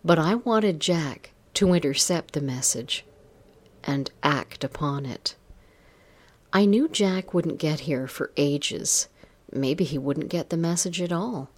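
Low, slow-voiced woman narrator. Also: a little mellow. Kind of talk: first-person story reading.

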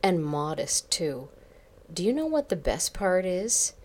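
A woman reading the lines of an arrogant, domineering male boss in a slow, taunting, commanding way, in her own low voice. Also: very animated, slight background noise. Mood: smug, taunting.

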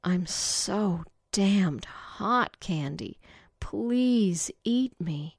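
A woman's voice: medium pitch, lively intonation, very slow, vocal fry, husky, no echo, clean studio sound, exaggerated voice. A woman reading as a shy pleading young woman.

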